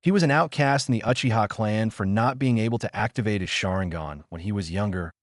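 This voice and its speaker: A man's voice: on the low side, fairly quick, no echo, studio quality, lightly acted. A man voicing a jaded adult ninja teacher who growls and broods, in a storybook reading. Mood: solemn.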